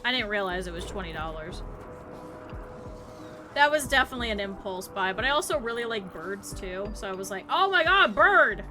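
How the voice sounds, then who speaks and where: A woman streaming a game, rambling casually and bursting into loud excited outbursts. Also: mid-range voice, a little fast, over music. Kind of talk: casual gaming stream chat.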